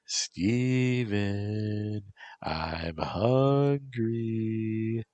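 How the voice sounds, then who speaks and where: A man's voice: deep voice, animated, slow pace, dry recording, heavily acted. A man voicing a bossy, tough young female soldier who gives orders and teases. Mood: firm. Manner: commanding, teasing.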